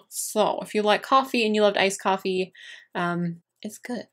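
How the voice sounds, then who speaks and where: A woman's voice: mid-range voice, steady tone, fairly quick, fairly bright tone. A young woman beauty vlogger chatting casually to her viewers, gushing and rambling with many fillers and restarts. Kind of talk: casual chat to camera.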